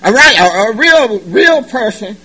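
A middle-aged man giving a personal testimony at a recovery meeting, animated and joking, in loose slangy talk. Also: high voice, measured pace, slightly rough, low-quality recording. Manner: animated, joking, colloquial, laughs often. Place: meeting room.

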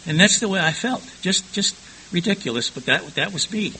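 A man's voice: high voice, expressive, brisk, bright, forceful tone, a little hiss or hum, low-quality recording. An older man frankly recounting his past in a rambling personal testimony, often stumbling and repeating words.

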